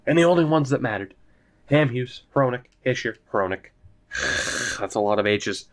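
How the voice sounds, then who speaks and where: A young man casually commentating his hockey video game, joking and swearing, swinging from low mutters to sudden shouts. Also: expressive, moderate pace. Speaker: gaming commentator.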